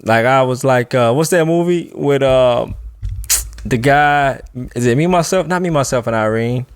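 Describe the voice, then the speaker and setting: A man's voice: medium pitch, normal speed, clean tone, no echo. Laid-back man telling a story, dry sound. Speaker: podcast co-host. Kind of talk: casual storytelling chat.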